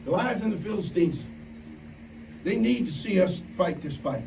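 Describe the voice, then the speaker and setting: At a camp meeting, a man with a high voice preaches at normal speed in a big, echoing hall. His camp sermon is animated storytelling with quoted voices acted out. The distant mic captures faint ambience along with a little hiss or hum.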